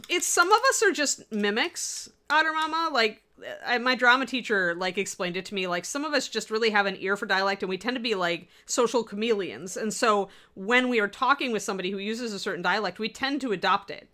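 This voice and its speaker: Bright-voiced chatty woman. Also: medium pitch, brisk, hardly any pauses. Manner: chatty, rambling, frequent laughs and fillers. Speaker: livestream co-host and miniature painter. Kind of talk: casual livestream chat reading viewer comments.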